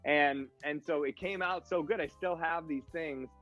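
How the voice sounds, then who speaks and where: A man, a guest on a podcast, telling stories in a casual, animated way and acting out the voices of other people. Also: fairly high pitch, moderate pace, lo-fi sound, soft background music. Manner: animated storyteller, acts out voices in quotes. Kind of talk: casual storytelling chat.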